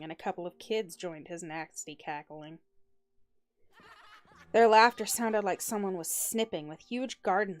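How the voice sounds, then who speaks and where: A woman streamer reading a first-person story aloud with an expressive, dramatic delivery. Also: fairly low pitch. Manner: expressive, dramatic reading with quick laughing asides.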